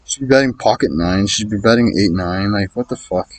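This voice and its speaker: Low-voiced man muttering poker reads. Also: quick pace, low-quality recording. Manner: mutters his reads, swears in exasperation at opponents. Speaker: online poker player streaming his session. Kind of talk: casual thinking-aloud game commentary.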